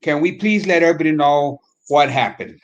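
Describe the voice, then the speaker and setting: A woman's voice: low-pitched, a little fast, highs cut off. A woman hosting an interview, prompting her guest with brief questions and reactions. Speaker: host.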